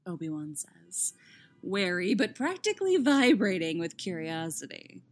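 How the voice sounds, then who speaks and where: A woman reading fan fiction aloud in a steady, expressive narration. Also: on the low side, unhurried. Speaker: audiobook reader.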